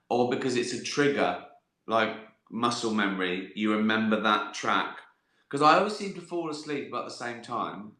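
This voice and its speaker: On a casual phone livestream, a middle-aged man answers viewers' questions, swearing and making fun of himself. His mid-range voice has a sharp tone, and the sound is roomy.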